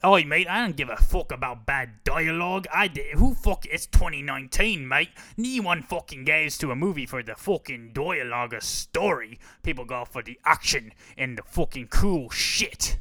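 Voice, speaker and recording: A man putting on a crude, loud British male fan of action movies, brash and sweary, in a podcast rant. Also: fairly high pitch, animated, moderate pace, few pauses, no room sound, studio quality. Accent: put-on British. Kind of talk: mocking impression in a podcast rant.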